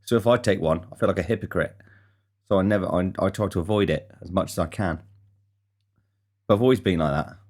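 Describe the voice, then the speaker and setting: A man's voice: sits low, fairly quick, pauses often, darkish tone. A young man talking bluntly in a casual podcast monologue, ranting and swearing freely. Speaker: podcast host.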